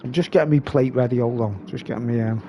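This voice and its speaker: A man's voice: medium pitch, fast, dark tone, slight background noise. A man hosting a live stream, rambling casually and reading comments aloud.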